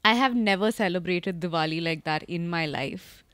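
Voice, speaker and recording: A woman on a podcast, chatting casually in an animated, storytelling way. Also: lowish voice, moderate pace, clear, resonant tone, no room sound. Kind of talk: casual chat.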